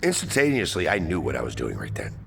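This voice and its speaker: A man with a very low voice tells a personal story, circling back and repeating himself with plenty of "uh" and "you know". He swears freely and sounds earnest and emotional. A faint hum of background noise sits under his voice. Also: huge pitch swings, quick pace, vocal fry, in a large hall. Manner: rambling, repetitive, with heavy fillers and frequent swearing.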